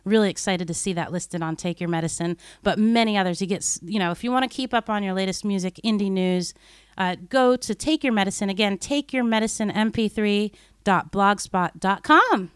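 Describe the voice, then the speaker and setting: A woman's voice: mid-range voice, clear, resonant tone, no room sound, studio quality. A woman hosting a music podcast, chatting casually, laughing along, and spelling out web addresses. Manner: chatty, giggly, reads web addresses slowly. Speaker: podcast host. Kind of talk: casual podcast chat with promo reads.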